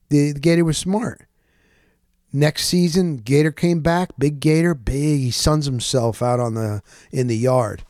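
Animated storytelling man, dry sound. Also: medium pitch, no echo. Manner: animated, acts out quoted voices, blunt and profane. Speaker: radio host telling a story. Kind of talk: casual storytelling. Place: lives in Florida.

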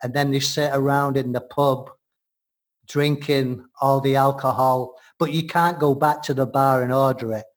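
A man's voice: medium pitch, steady tone, moderate pace. An Englishman co-hosting a show, explaining things in casual chat, often laughing. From England.

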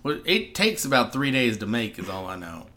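A woman's voice: extremely low pitch, big pitch swings, normal speed, fairly bright tone. A woman co-hosting, dropping dry, wry interjections in casual chat. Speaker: podcast co-host.

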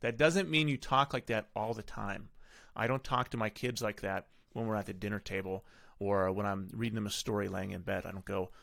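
A man's voice: lowish voice, fairly even intonation, brisk, creaky, a bit bright, no echo, clean studio sound. A middle-aged man hosting a podcast, giving casual, rambling parenting advice full of self-corrections. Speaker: podcast host.

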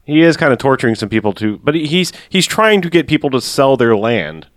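A man's voice: mid-range voice, big pitch swings, brisk, dry recording, studio quality. A man chatting casually on a podcast about a movie, rambling and grumbling and swearing now and then. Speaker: podcast co-host. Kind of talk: casual chat reviewing a movie.

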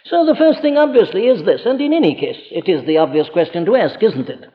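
Male preacher, earnest and emphatic, fairly high voice, long hall echo, dull archive sound. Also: very animated, a little fast. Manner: earnest, emphatic, rhetorical questions, acts out quoted voices. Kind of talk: sermon.

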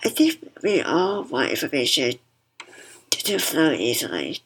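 A woman's voice: low voice, big pitch swings, a little slow, breathy edge, rough recording. A woman guest speaking through a worn mask, thoughtful and reflective, sometimes repeating words. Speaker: podcast guest. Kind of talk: reflective conversation.

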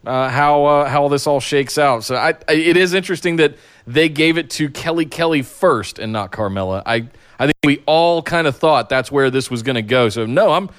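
A man co-hosting a casual wrestling podcast, laid-back and measured in how he weighs things up. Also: on the high side, a bit bright, clean tone. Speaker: podcast co-host.

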